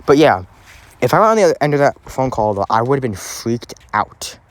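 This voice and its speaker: A man of ordinary pitch hosts a laid-back true crime podcast. He talks loosely, doubling back on himself and padding sentences with "um" and "like" as he goes. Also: very animated, a little fast, dry recording. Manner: rambling, many fillers and restarts. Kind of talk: casual true crime chat.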